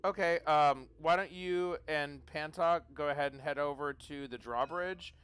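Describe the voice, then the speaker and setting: A man playing an online tabletop game chats casually between turns, telling long, rambling anecdotes. His voice is on the high side, clear, resonant and fairly bright, at a moderate pace.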